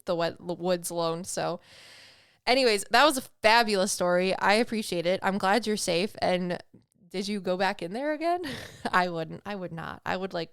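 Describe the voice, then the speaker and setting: A woman hosting a podcast in a relaxed, chatty way that rambles and is full of fillers. Her voice is very smooth and resonant at a middle pitch, and it sits close to the mic in a dry, deadened sound. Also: no echo. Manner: chatty and rambling, many fillers and light laughs. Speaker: podcast host and medium. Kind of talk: casual podcast chat reading listener stories.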